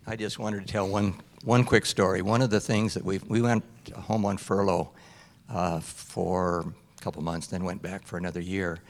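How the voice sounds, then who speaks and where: Low-voiced male missionary telling a story. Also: little pitch movement, normal speed. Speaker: missionary guest.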